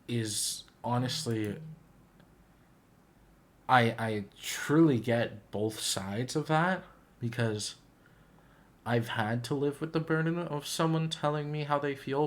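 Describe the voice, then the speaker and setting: Earnest man hosting a reaction video. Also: medium pitch. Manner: reflective, searching for words. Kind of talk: casual earnest reaction talk. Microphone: microphone to camera.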